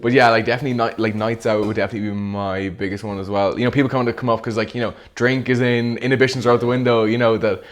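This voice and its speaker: A man's voice: medium pitch, steady tone, racing, hardly any pauses. A young Irish man hosting a podcast, telling stories in an easygoing way with plenty of fillers. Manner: easygoing storyteller, many fillers. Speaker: podcast host. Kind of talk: casual chat.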